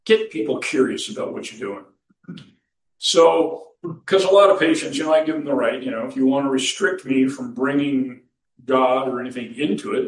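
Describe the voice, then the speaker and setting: A man preaching a sermon as pastor, folksy and storytelling, who chuckles at his own anecdotes. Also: mid-range voice. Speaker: pastor and counselor. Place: church sanctuary. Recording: roomy church recording from a distance.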